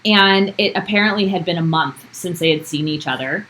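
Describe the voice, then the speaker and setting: A woman's voice: fairly low pitch, normal speed, a bit bright, poor audio. A woman co-hosting a podcast, chatting casually as she recaps a TV episode and reads quotes aloud from her notes. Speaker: podcast co-host.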